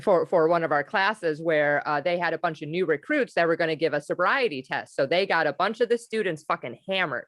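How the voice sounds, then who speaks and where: Woman podcast host, somewhat low voice, dry close sound, laid-back and chatty. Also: expressive, brisk, few pauses, fairly bright tone, no echo. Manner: laughs easily, loose and chatty. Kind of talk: casual chat.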